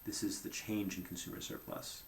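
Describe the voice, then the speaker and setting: A man's voice: lowish voice, little pitch movement, moderate pace, echoey room, a little hiss or hum. A man giving a conversational lecture at a whiteboard, thinking aloud and checking in with "right?" as he goes.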